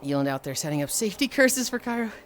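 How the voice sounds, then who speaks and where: Animated, swearing male streamer, faint music. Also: high voice, rapid-fire. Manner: profane, animated, acts out voices in quotes. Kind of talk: casual storytelling to chat.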